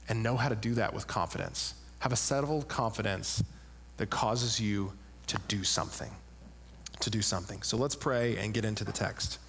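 Man preaching in a reverberant church. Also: medium pitch. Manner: casual, joking preaching voice. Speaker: pastor. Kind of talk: sermon. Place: church sanctuary. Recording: long reverb of a large room.

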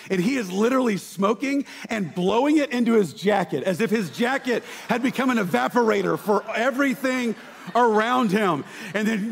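Pastor preaching, pretty high voice, lots of long echo off the room. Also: male voice, a little fast, creaky. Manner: animated storytelling with shouted quotes. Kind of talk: sermon. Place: church sanctuary. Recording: church hall reverb.

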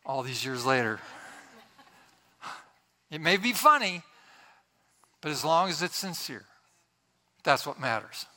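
A middle-aged man preaching, telling a funny church story in an animated way, laughing as he goes. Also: fairly high pitch, takes it slowly, long pauses. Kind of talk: sermon with a humorous story.

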